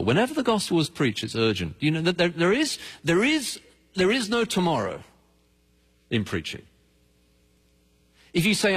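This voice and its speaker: A man's voice: fairly high pitch, breathy edge. A man preaching a sermon as a pastor, passionate and emphatic, often repeating words for stress. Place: church. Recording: long hall reverb.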